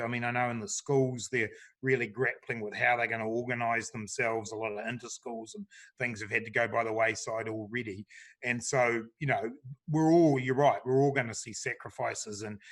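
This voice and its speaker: A man's voice: medium pitch, brisk. New man, chatty minister. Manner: relaxed, chatty, many fillers and restarts. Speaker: government minister on a sports panel. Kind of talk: panel discussion answers.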